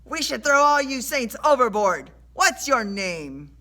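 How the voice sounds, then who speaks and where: A woman voicing a burly, angry male sailor who growls and shouts in a rough pirate-style way. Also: fairly high pitch, big pitch swings, a little slow, heavily acted. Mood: menacing.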